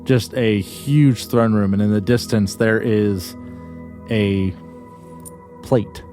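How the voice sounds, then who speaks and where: A man's voice: fairly low pitch, fairly even intonation, takes it slowly, mellow, faint music behind. A man narrating as game master in a tabletop game, describing scenes loosely with many restarts.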